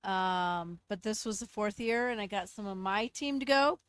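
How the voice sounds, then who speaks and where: A woman's voice: mid-range voice, normal speed, clean tone, dry recording. Chatty woman dentist recounting an event. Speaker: dentist, guest. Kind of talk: casual podcast chat.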